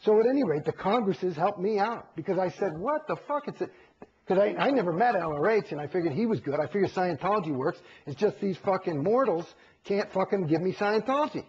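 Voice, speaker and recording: A man's voice: high-pitched, fairly quick, breathy edge, muffled recording. A middle-aged man giving an interview, talking candidly and profanely, acting out quotes as he tells his story. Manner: profane, animated, acts out quotes. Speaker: interview guest.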